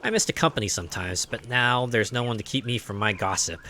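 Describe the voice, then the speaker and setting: A man's voice: mid-range voice, fast, pushed and bright, a little hiss or hum, lightly acted. A man voicing a lonely, gossipy older villager in a story-driven video game, reading the lines aloud.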